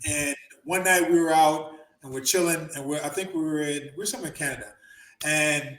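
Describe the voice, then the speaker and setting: Pretty high-voiced guy telling wild stories, cursing, laughing, roomy echo. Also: brisk. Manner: animated, profane, laughs often, acts out quotes. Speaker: podcast host and former wrestler. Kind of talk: casual storytelling chat.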